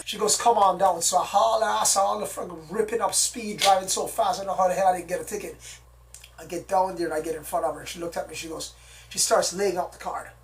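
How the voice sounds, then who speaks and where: A speaker telling a personal encounter story in a rambling, excitable way, often repeating words. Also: medium pitch, quick pace, distant mic, a little hiss or hum, rough recording. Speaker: storyteller recounting an alien encounter. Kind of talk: casual spoken storytelling.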